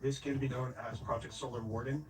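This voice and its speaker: Man, scripted documentary narration, even delivery, clear music behind. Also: medium pitch, fast talker, low-quality recording.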